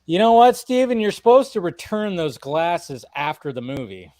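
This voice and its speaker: Laughing host with a lively, higher voice. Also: male voice, moderate pace, no echo. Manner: laughing, joking banter. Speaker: stream host. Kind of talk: casual panel chat.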